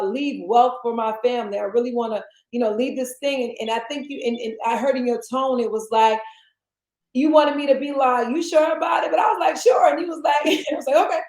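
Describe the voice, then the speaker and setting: A fairly high-voiced woman hosts a casual motivational interview. She talks in an animated way, leaping into high, playful voices whenever she quotes someone. The room around her is roomy and echoey. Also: brisk. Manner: animated, jumps into high playful voices when quoting others. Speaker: interview host.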